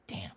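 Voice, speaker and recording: A man hosting a live stream in casual chat, reading viewer comments aloud and answering them with quick asides and hums. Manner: animated, frequent chuckles and filler hums. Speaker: livestream host.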